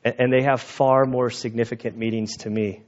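The highs are cut off in this recording of a male pastor preaching outdoors at a church gathering. His medium-pitched voice stays level at normal speed while he tells stories conversationally, sometimes emotionally.

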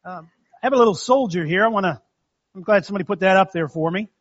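A man's voice: high voice, quick pace, lo-fi sound. A man preaching a sermon as pastor in a folksy, conversational way, calling out amens to the congregation.

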